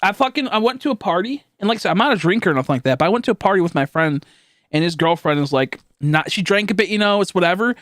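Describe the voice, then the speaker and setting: A man's voice: high voice, lively intonation, fast, fairly bright tone, no room sound, clean studio sound. A young man streaming live, chatting casually and rambling with lots of swearing, fillers and restarts while he thanks viewers.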